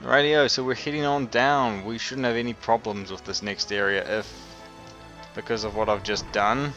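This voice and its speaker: A man's voice: on the low side, steady tone, moderate pace, a bit bright. A man giving casual, rambling, wry commentary over a video game playthrough. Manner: rambling, wry, chuckling to himself. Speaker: let's play host. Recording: dull lo-fi sound with game music.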